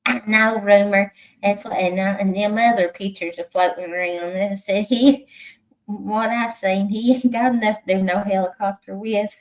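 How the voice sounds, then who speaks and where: A woman's voice: mid-range voice, fairly even intonation, normal speed. A woman with a Southern US accent hosting a casual livestream chat, teasing her viewers and laughing often. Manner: laughs a lot, teasing, drawling. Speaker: livestream host. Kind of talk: casual chat reading live comments.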